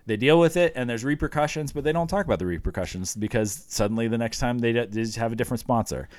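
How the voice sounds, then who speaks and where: A man's voice: mid-range voice, fast talker, no room sound. A man co-hosting a podcast, chatting casually and retelling TV scenes with many fillers and restarts. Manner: rambling, lots of fillers and restarts, retells scenes with quoted lines. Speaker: podcast co-host. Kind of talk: casual chat recapping a TV show.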